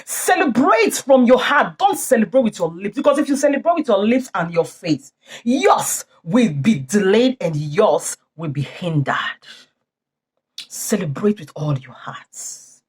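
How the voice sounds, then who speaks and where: A woman's voice: mid-range voice, very animated, moderate pace. A woman preaching informally to her channel's viewers, repeating and stressing her points. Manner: repetitive, exhorting, emphatic. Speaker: YouTube channel host.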